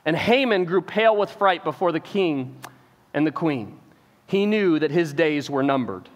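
A man's voice: fairly high pitch, normal speed. Pastor guy telling the story with lots of energy, stumbles on words a bit, big reverby room. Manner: animated storytelling, acts out the characters' lines; repeats words when starting phrases. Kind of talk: sermon. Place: church auditorium. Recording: reverberant church hall.

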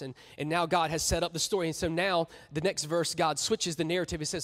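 Joking high-voiced youth pastor preaching. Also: male voice, a little fast. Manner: joking, animated, conversational. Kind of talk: sermon. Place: church hall. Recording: long reverb in a church hall.

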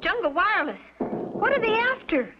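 A woman voicing an eager young boy sidekick who sounds anxious and excitable, on a lo-fi 1950s cartoon soundtrack. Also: very high voice, moderate pace. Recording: dull lo-fi 1950s TV soundtrack with noise.

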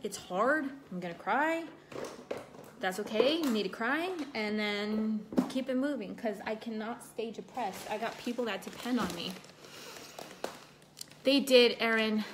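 Woman host, fairly high voice, chatty livestream talk over makeup, emotional, faint room hum behind. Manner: chatty, reads out viewer comments while doing makeup. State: emotional, recovering from a broken foot. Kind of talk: casual livestream chat.

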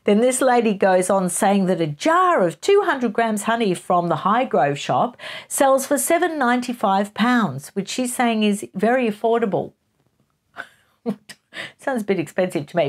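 A woman's voice: medium pitch, sing-song, measured pace. A middle-aged woman, hosting a casual gossip chat in a playful, giggly way. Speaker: host.

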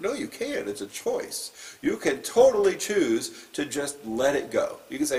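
A man's voice: on the high side, sing-song, normal speed, darkish tone, far from the mic, poor audio. A man preaching as a pastor, reading scripture and then giving an informal, plain-spoken sermon with some fillers.

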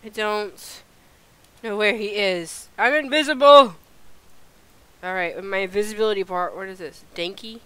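A woman hosting a casual let's-play video, talking through her game in an animated, exasperated way as she thinks aloud. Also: medium pitch, normal speed, smooth, no room sound. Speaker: gameplay video host.

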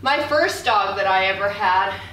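A woman's voice: medium pitch, a little slow, pushed and bright, distant mic, faint music behind. Chatty woman trainer in roomy echo. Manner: chatty, laughs often, swears casually. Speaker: fitness trainer. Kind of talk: workout instruction with casual chat.

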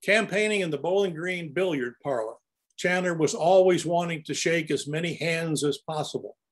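A man's voice: a little high, moderate pace. An older man narrating his own photographs in an anecdotal, storytelling way as he presents them.

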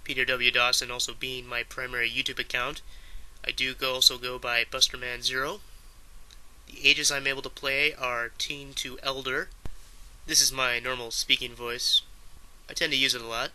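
A man's voice: medium pitch, flat delivery, moderate pace, pushed and bright. A man, a voice actor, casually and modestly presenting his own voice demo. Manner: casual, modest, filler-laden. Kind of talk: voice demo reel.

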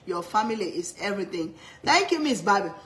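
A woman and mother chatting casually to camera, lecturing her kids in a half-joking, animated way with lots of repetition. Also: mid-range voice, fairly quick. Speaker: cooking vlogger and mother. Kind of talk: casual family chat to camera. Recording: echoey room, faint background noise.

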